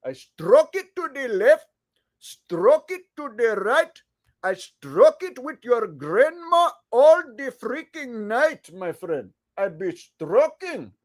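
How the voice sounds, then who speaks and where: A man reading lyrics aloud in a put-on Indian accent, in a loud deadpan recitation. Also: very high voice, slow, exaggerated voice. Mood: playful.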